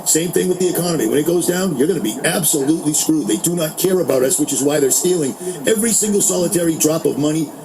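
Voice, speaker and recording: Fired-up man ranting fast. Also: on the high side, noisy background. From Boston. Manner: heated, indignant, emphatic. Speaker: podcast host. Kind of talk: angry political rant.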